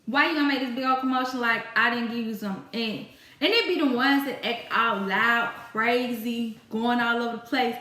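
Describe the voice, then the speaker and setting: Bright-voiced woman ranting in an echoey room. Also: on the high side, fairly quick. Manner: exasperated, ranting about customers. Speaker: storytime vlogger. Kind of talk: casual storytelling.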